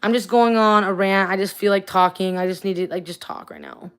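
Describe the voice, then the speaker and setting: A woman's voice: mid-range voice, steady tone, fairly quick, clean tone. Angry swearing woman venting on a livestream. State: tired, up at four in the morning. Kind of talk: late-night livestream rant.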